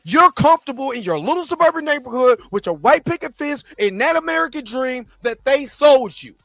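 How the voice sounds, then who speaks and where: Brief: male reaction host, high voice, dry close sound, impassioned ranting delivery with stumbles and restarts. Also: lively intonation, brisk, vocal fry, a bit bright, no room sound, soft background music. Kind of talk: heated reaction commentary.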